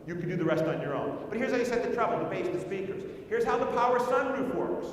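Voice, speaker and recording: A man with a high voice talks to a conference audience about sales, heard from far off in a large hall. His words ring with a long, heavy echo and faint room noise. He tells a story, acts out the people in it, and keeps throwing questions at the crowd. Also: sing-song, fast talker. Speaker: conference speaker. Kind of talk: sales training talk told as a story. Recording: echoey hall, speaker far from mic.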